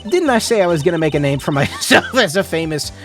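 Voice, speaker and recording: Brash Southern photographer woman, voiced by a man: folksy drawl, loud, animated. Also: fairly high pitch, fast, soft background music, voice pushed up. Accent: Southern US, put on.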